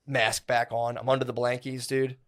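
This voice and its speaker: A man's voice: mid-range voice, normal speed. Rambling, profane man telling a story. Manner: rambling, filler-heavy, profane, animated retelling. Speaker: podcast co-host. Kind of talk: casual storytelling chat.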